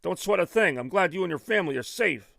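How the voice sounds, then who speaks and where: Man doing a cocky hedgehog hero, breezy, raised pitch, gravelly. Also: animated, quick pace, fairly bright tone, dry recording, clean studio sound, exaggerated voice. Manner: breezy and upbeat.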